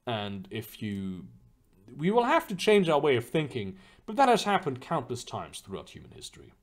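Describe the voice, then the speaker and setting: A man's voice: medium pitch, huge pitch swings, normal speed. A young man chatting casually on a livestream, answering viewers' questions and rambling with lots of fillers, restarts and swearing. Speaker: streamer answering chat.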